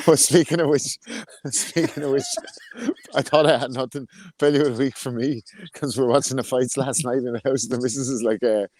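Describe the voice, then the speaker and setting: A man's voice: medium pitch, normal speed, pauses often, a little mellow, dry recording. A man ranting bluntly in casual podcast banter, swearing heavily. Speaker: podcast co-host.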